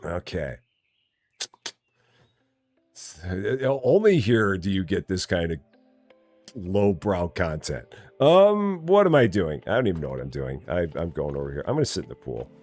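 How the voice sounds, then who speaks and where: A man's voice: unhurried, long pauses, soft background music. A man chatting casually and joking as he live streams a store simulator game, rambling and laughing. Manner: jokey, rambling, laughs often, lively swings in pitch.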